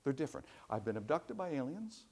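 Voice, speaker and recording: A man voicing an adult male abductee who calmly and patiently insists on his experience in a low, quiet voice. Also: brisk. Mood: weary calm. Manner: quiet, patient, matter-of-fact. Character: calm adult male abductee, unshakeable believer.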